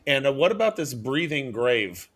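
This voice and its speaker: Man, fifties, bright forceful tone, stammering restarts, casual comedy chat. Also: mid-range voice, big pitch swings, normal speed. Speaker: co-host.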